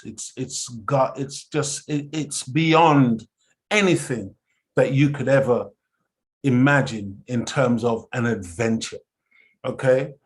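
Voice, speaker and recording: A man giving an impassioned, preacherly lecture to a study group, often checking in with "okay?" and calling his listeners family. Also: mid-range voice.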